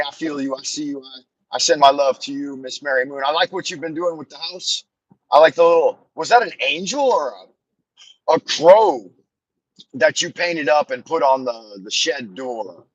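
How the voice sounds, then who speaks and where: A man's voice: medium pitch, fairly bright tone, breathy edge, no echo, poor audio. A man rambling and telling stories on a live stream from his car while driving, with a meandering, self-deprecating, joking manner. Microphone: phone on a camera mount.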